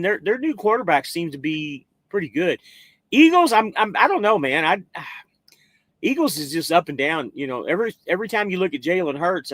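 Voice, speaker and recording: An American man hosting a trucking live stream. His voice sits a bit high, and he talks in a loose, rambling way with the odd swear. The sound is dry and close. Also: a bit bright, no echo. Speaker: trucking livestream host. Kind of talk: casual live-stream chat reading viewer comments.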